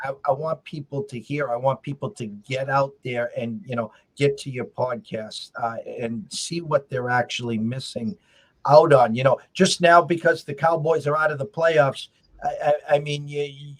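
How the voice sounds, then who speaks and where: A man's voice: mid-range voice, fairly even intonation, normal speed, poor audio. A male host wrapping up an interview in a casual, eager way, stumbling over his words with many fillers.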